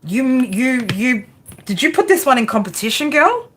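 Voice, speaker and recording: A woman's voice: sits high, sing-song, moderate pace, fairly bright tone, a little hiss or hum. A woman giving a live tarot reading in a brash, chatty way, swearing freely and calling her viewer girl and baby. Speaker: tarot reader.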